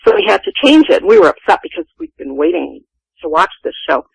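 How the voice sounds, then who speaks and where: Gravelly woman in her sixties. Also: on the low side, very animated, brisk, dry recording, rough recording. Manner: earnest, vivid retelling. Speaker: guest telling a personal story. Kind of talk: first-person storytelling.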